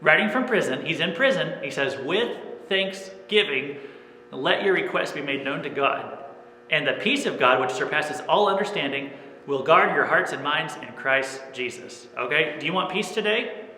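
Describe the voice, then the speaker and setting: Man, pastor, sermon, bright forceful voice, echoey room with long reverb. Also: on the high side, expressive, normal speed, slight background noise. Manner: earnest, repeats "okay?" often.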